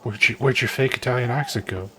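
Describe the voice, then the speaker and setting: A man's voice: mid-range voice, fast, a crowd in the background. Sarcastic male game streamer. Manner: sarcastic, joking. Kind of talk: let's play commentary. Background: game music.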